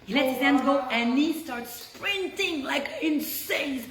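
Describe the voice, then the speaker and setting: Over a video call, a Torah teacher with a fairly high-pitched voice tells a story in an animated way at a measured pace, dropping to hushed tones at tense moments. There's a roomy echo and slight background noise.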